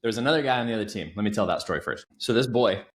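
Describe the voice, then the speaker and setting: Speaking very fast in a lowish voice, this man in his thirties is a coach chatting as a podcast guest. He relates stories with earnest emphasis and plenty of animation. It's a casual interview, recorded with a roomy echo.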